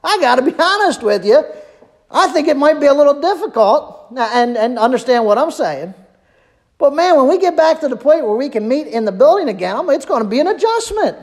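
A woman pastor preaching a conversational sermon, asking rhetorical questions and dropping her voice low and quiet for emphasis. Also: lively intonation, fairly quick.

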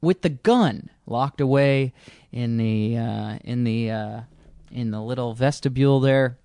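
A man's voice: medium pitch, a little slow, smooth, no room sound. A man co-hosting a podcast, talking through a film in a casual, playful and wry way. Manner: playful, wry, lively delivery. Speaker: podcast co-host.

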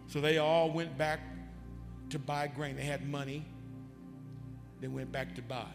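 A man preaching a sermon as a bishop, retelling scripture with animated delivery and shouting at its peaks. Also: on the high side, unhurried, big-room sound, soft background music. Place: church sanctuary.

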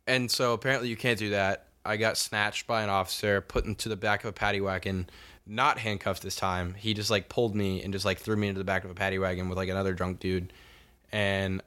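Young male podcast co-host, bright edge to a lowish voice, loose profane storyteller. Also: clear, resonant tone. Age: young adult. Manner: rambling, profane storytelling with lots of fillers. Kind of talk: casual chat.

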